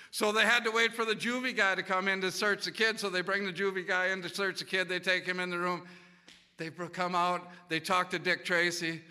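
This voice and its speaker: Man, high voice, very sharp tense tone, swearing, rambling storyteller, long hall reverb. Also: brisk. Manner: animated, profane, rambling with restarts. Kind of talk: casual anecdote telling.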